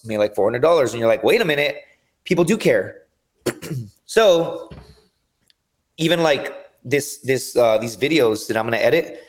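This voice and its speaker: A man talking as a podcast guest, telling long rambling stories with lots of swearing. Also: mid-range voice. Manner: rambling, profane storytelling. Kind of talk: casual chat.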